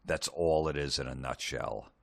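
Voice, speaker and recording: A man's voice: rumbling low, normal speed, gravelly. A man delivering a profane, sarcastic comedic rant, mocking people in put-on voices. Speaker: comedian ranting.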